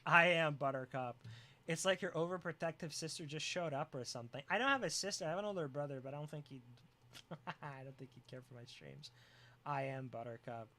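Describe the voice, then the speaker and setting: Laughing, animated live streamer. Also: medium pitch, quick pace. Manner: joking and teasing, often laughing, sometimes yelling. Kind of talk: casual live-stream chat reacting to viewers.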